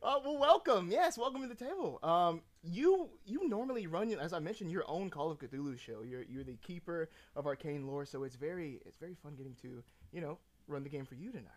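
Man, game master, lively rising and falling voice, slightly high, laughs a lot, lots of ums. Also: fairly quick, hardly any pauses. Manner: laughs often, filler-heavy. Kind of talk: running a tabletop game.

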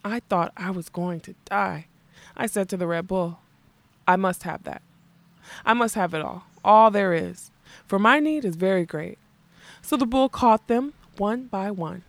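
A woman reading the lines of a mad, possessive old king, soft and menacing in turn. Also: mid-range voice, a little slow, no echo, close to an everyday voice. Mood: rapt. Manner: soft and menacing, turning fierce and childlike.

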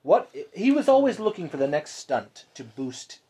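Man, podcast co-host, husky, animated, profane storyteller. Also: high-pitched, moderate pace. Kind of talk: casual podcast chat.

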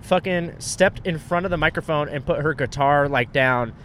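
A comedian on a road-trip podcast, animated and profane, acting out other people's lines in a high voice. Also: male voice, normal speed, a little hiss or hum. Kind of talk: casual road-trip storytelling.

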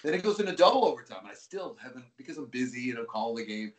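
Rambling hockey broadcaster telling stories. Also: male voice, mid-range voice, very fast, reverberant. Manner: relaxed, rambling with frequent restarts. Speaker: hockey play-by-play broadcaster, guest. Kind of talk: anecdotal interview storytelling.

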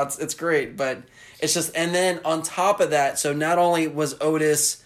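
Southern man, podcast co-host, chatty and excitable, slightly high pitch. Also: moderate pace. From American South. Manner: enthusiastic, rambling, acts out movie lines. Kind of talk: casual chat.

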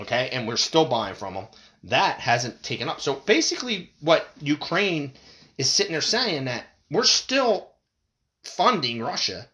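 Ranting man, lively pitch. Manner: heated, profane, jumps between loud bursts and mutters. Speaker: commentator. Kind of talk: ranting solo commentary.

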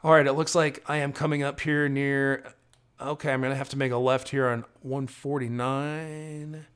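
A drowsy man talks into his phone as he drives through the night, rambling and joking at his own expense. His voice sits at an ordinary middle pitch, and the talk has the loose, chatty feel of a solo driving monologue. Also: flat delivery, moderate pace, fairly bright tone, clear, resonant tone. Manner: chatty, rambling, self-deprecating. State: tired, drowsy. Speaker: travel vlogger. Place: inside a car at night, driving in rain.

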